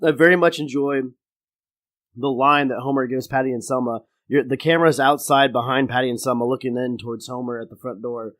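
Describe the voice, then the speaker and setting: A young man co-hosting a podcast, relaxed and amused, chiming in with quick asides about a cartoon episode. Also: medium pitch, dry recording, clean studio sound. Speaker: podcast co-host. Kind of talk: casual episode recap.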